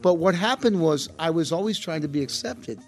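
A man, an actor guest, telling relaxed stories in casual interview talk, slipping in Spanish words. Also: a little high, fairly quick. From United States. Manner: relaxed storytelling, mixes English and Spanish words.

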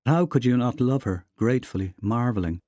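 A man giving a measured reading of a literary short story. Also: medium pitch, lively intonation, mellow, no echo, clean studio sound. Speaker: reader.

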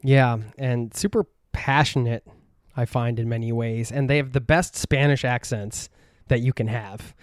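A man's voice: mid-range voice, steady tone, measured pace, clean tone, dry recording, studio quality. A man hosting a travel talk show, asking easygoing conversational questions. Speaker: host. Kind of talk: casual interview.

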